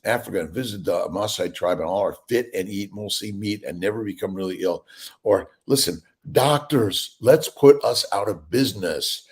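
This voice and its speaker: A middle-aged male doctor hosts a casual morning livestream, chatting through viewer comments and greeting people by name in a rambling, upbeat way. His voice sits on the low side, and he talks at a moderate pace.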